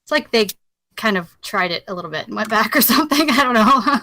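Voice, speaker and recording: Bright-voiced woman rambling on a call. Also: on the high side, expressive, a little fast. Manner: chatty, rambling, laughs often. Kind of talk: casual group chat. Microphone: video call.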